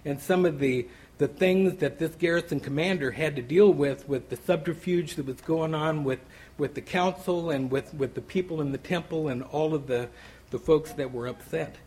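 A man's voice: fairly high pitch, normal speed, darkish tone, husky, rough recording. A man teaching verse by verse through a Bible passage, talking in a loose, conversational way with frequent asides and restarts. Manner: conversational, many "you know" asides; restarts and repeats words while thinking aloud.

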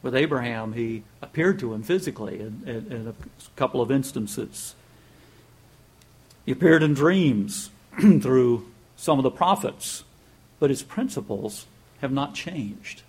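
A man's voice: medium pitch, expressive, unhurried, darkish tone, breathy edge. A man preaching a sermon in a conversational way, telling a joke, chuckling and repeating words as he goes.

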